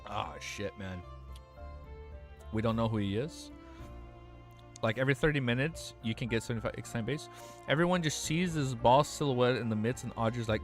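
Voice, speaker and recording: A man streaming live, reading a novel aloud and breaking off into excited, profane reactions. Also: medium pitch, normal speed, long pauses, faint music behind.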